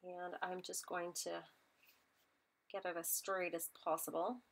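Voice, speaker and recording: A woman's voice: fairly low pitch, level tone, unhurried, creaky. A woman instructor chatting to viewers while she demonstrates a live craft project, joking about herself as she works. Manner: chatty, self-deprecating, talks to viewers while working.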